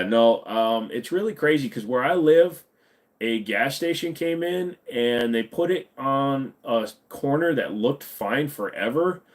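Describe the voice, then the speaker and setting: A man in his forties hosting a livestream, chatting casually with viewers in a blunt, profane, rambling way and sounding tired. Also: mid-range voice. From United States. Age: 40s. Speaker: livestream host. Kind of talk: casual livestream chat answering viewer comments.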